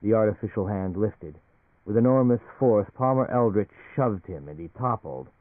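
A man narrating a novel in a measured, even storytelling manner. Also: fairly low pitch, no room sound. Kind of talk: audiobook novel reading on radio. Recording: tinny dry radio broadcast.

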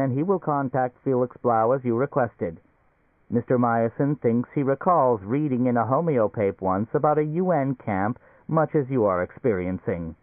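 A man's voice: mid-range voice, no echo, voice pushed up, close to an everyday voice. A man voicing a fussy, prim talking psychiatrist machine in an audiobook, over a tinny, phone-like recording. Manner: prim, chattering, giggly.

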